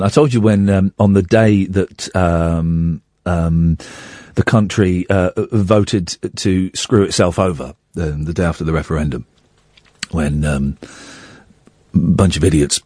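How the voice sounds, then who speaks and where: A man hosting a late-night radio phone-in, sarcastic and animated, mocking callers' opinions with a laugh. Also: on the low side, husky, no echo, studio quality.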